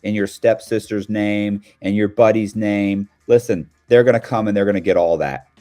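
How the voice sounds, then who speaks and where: A man's voice: on the low side, fairly even intonation, normal speed, dark tone, soft background music. A man in his fifties who speaks bluntly and streetwise in a casual podcast conversation. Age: 50s. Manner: blunt, streetwise, acts out quoted voices. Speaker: guest commentator.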